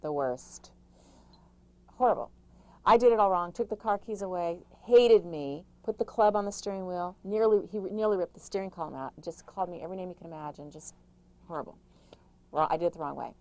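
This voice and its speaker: A woman's voice: lowish voice, a little fast, a little mellow, no echo, poor audio. Emphatic woman giving caregiving advice. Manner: emphatic, tumbling advice with restarts. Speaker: author and caregiving advocate. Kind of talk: interview answers.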